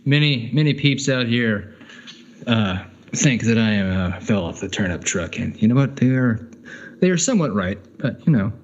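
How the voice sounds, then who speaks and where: A man's voice: fairly low pitch, animated, normal speed, highs cut off, a little hiss or hum. A man co-hosting a podcast in casual chat, loose and sardonic, trailing off in filler words and swearing. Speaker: podcast co-host.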